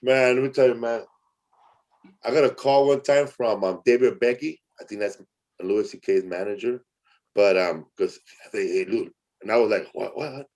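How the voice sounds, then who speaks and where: A middle-aged man hosts a podcast in a lowish, slightly mellow voice at an ordinary pace. He tells rambling stories in loose slang, dropping "bro" and "man" all over the place as he chats.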